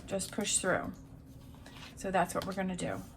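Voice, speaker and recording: A woman giving a tarot reading in a casual, encouraging way. She talks slowly and repeats her reassurances. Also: lowish voice, animated, noisy background. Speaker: tarot reader.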